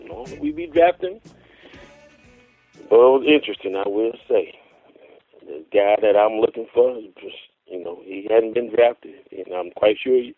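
A man calling in to a radio show, ranting excitably and swearing, swinging between loud outbursts and low muttering. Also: breathy edge, no echo. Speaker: caller. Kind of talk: animated call-in rant. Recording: tinny phone line.

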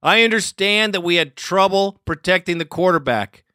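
A man's voice: sits high, moderate pace, sharp tone, no room sound, clean studio sound. A man hosting a sports fan podcast, ranting angrily and profanely after a lost game. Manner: profane and furious, swearing constantly. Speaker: podcast host. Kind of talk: angry postgame rant.

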